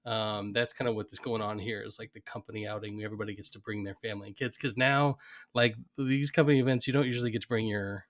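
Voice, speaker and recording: A man co-hosting a casual podcast chat, easygoing and quick to laugh. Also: lowish voice, steady tone. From Atlanta area, USA. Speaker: podcast co-host.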